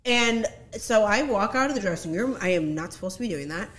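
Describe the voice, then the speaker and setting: A young woman telling a story in casual chat, animated and acting out the quotes, laughing often. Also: mid-range voice, brisk. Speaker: podcast guest.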